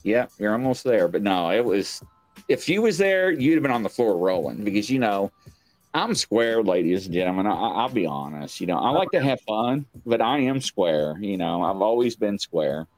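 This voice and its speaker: A man's voice: on the low side, big pitch swings, moderate pace, no room sound, faint music behind. A man hosting a live online talk show, chatting casually in a rambling, joking, self-mocking way. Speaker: livestream talk show host. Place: home stream set.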